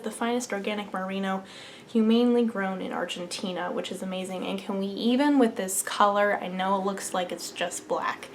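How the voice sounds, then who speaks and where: A woman's voice: medium pitch, a little hiss or hum. A young woman hosting a knitting podcast, chatting casually and gushing about yarn, sometimes dropping into a whisper. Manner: gushing and enthusiastic, drops into whispers. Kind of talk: casual show-and-tell chat.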